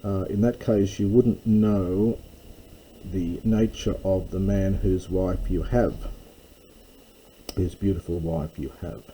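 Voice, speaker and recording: A man teaching a text line by line, slow and careful, with frequent ums and uhs. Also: low-pitched, fairly even intonation, mellow, husky, rough recording. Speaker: Greek tutor. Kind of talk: line-by-line lecture.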